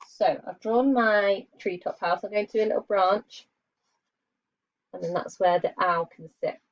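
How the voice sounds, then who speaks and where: Woman, primary teacher, patient questioning manner, unhurried, muffled lo-fi sound. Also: mid-range voice. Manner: slow, patient, asks children questions while drawing. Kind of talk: remote lesson for young children. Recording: dull lo-fi dry sound.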